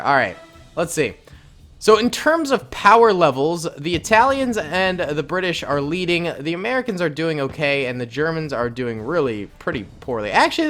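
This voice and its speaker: Excitable young man commentating a game. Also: on the high side. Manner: jokey, excitable, rambling asides. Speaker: gaming YouTuber. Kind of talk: let's play commentary.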